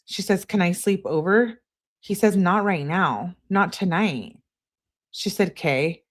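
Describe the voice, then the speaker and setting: A woman's voice: on the low side, slow. A woman hosting a true crime channel, reading text messages aloud in a plain way and spelling out abbreviations letter by letter.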